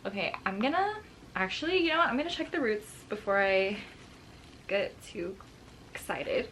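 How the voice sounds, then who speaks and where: A young woman vlogging casually to her viewers, excitable and nervous as she talks through her plants. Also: mid-range voice, normal speed, slight background noise. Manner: excitable and nervous, gasping and laughing often. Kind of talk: casual vlog chat.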